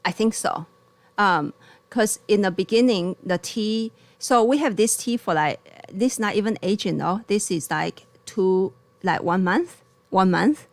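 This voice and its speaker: Gravelly-voiced woman chatting about tea. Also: mid-range voice, a little slow. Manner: laughs often, loose non-native grammar. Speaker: tea shop co-host. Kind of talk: casual live-stream chat.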